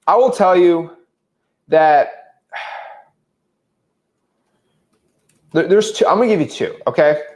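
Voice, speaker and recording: A man in his twenties who coaches real estate in casual teaching talk and acts out conversations in an animated way. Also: fairly high pitch.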